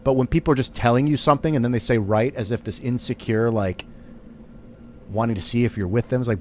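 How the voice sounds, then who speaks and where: A young man streams a video game and chats casually, rambling with plenty of fillers and saying "like" constantly. His medium-pitched voice is a little mellow and he talks fast. There's slight background noise.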